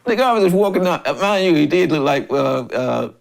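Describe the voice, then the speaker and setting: An older man in his sixties from Memphis, a drummer and interview guest, telling stories in a lively way, often laughing and acting out other people's lines. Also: on the high side, a little fast, creaky. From Memphis, USA. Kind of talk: casual storytelling interview.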